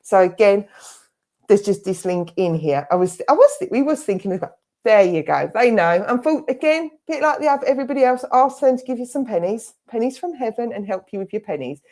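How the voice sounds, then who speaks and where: A woman's voice: fairly high pitch, animated, brisk, warm tone. A middle-aged woman gives a clairvoyant reading at a spiritualist service, speaking in a chatty, conversational way. She keeps dropping into little quoted asides as she passes on messages to the person she is reading for. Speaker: spiritualist medium. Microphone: online service stream.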